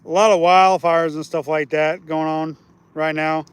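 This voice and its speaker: A man's voice: a little high, flat delivery, unhurried, clean tone, dry recording. A man fishing outdoors by a lake, chatting casually on a live stream in an easygoing, rambling way. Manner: easygoing, rambling, restarts often.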